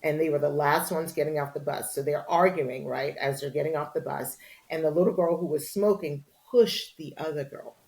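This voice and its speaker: A woman's voice: low voice, normal speed, low-quality recording. A middle-aged woman, a journalist and author, telling a story in a candid interview and acting out the voices of the people in it. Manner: animated storyteller, acts out quoted voices.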